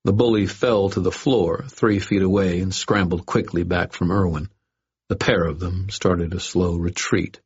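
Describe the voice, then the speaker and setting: A man reads a first-person story in a very deep, husky voice, steady and dry with a wry edge. The recording is dull and lo-fi. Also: measured pace. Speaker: audiobook narrator. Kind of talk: scripted first-person narration. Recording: dull lo-fi audio.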